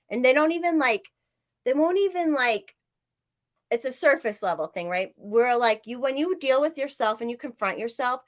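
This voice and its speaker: Woman podcast host, higher voice, casual, profane and emphatic, rambling delivery. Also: animated, moderate pace. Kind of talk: casual chat.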